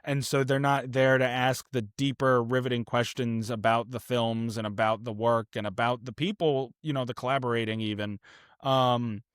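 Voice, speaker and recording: A man's voice: mid-range voice, fairly even intonation, moderate pace, clear, resonant tone, no echo, clean studio sound. A man co-hosting a casual film podcast, talking in an earnest, opinionated way with plenty of fillers and restarts. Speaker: podcast co-host.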